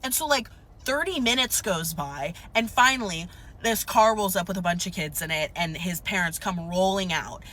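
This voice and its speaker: A woman's voice: fairly low pitch, expressive, moderate pace, fairly bright tone. A young woman telling a casual storytime to her viewers, chatty and exasperated, calling them divas. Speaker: storytime vlogger.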